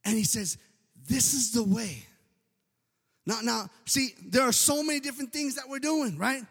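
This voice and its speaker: A man preaching a sermon with passion, swinging from shouts to hushed softness and peppering his talk with amens. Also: very high-pitched, normal speed, vocal fry, slightly rough. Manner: impassioned, swings between shouting and soft hushed delivery; repeats amen often, stammering restarts. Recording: long hall reverb.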